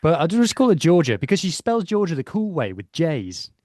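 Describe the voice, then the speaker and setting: A man's voice: on the high side, sing-song, brisk, a little mellow, dry recording, clean studio sound. A man, talking enthusiastically and at length about rugby on a casual podcast, with frequent ums. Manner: enthusiastic, rambling with many ums. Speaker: podcast co-host. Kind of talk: casual sports chat.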